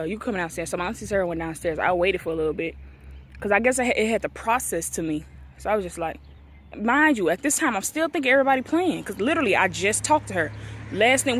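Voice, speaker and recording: A woman's voice: mid-range voice, fairly bright tone, husky. Woman in her twenties telling a personal story. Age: 20s. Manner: emotional, acts out quoted dialogue. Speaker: vlogger. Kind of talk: casual storytelling.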